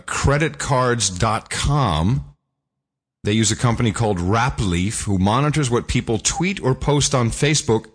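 A man co-hosting a talk podcast in loose, joking banter. His pitch moves around a lot, tossing quick asides. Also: husky. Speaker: podcast co-host. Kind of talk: casual chat.

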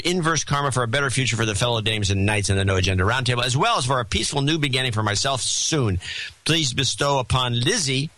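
A man's voice: medium pitch, sharp tone, no echo. A middle-aged man co-hosting a podcast, reading listener notes aloud with theatrical flair. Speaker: podcast co-host.

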